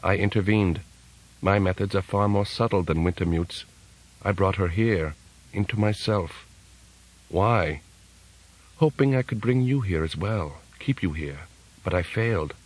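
A man voicing a calm, all-knowing AI that appears as a boy, speaking softly and persuasively in an audiobook. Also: low voice, measured pace, long pauses, husky, low-quality recording. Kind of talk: audiobook character reading.

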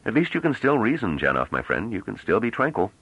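A man's voice: fairly low pitch, huge pitch swings, fast talker, fairly bright tone, husky, no echo, lo-fi sound, pitched above the performer's own voice, full character voice. A man voicing a tense, restless ex-navy politician in an audiobook, impatient and sarcastic. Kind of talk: audiobook character reading.

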